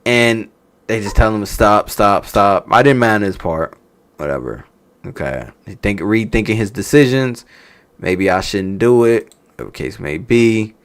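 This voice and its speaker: In this clip a man with a fairly low voice and moderate pace gives an offhand wrestling-show review. Animated and foul-mouthed, he tells stories and laughs along the way.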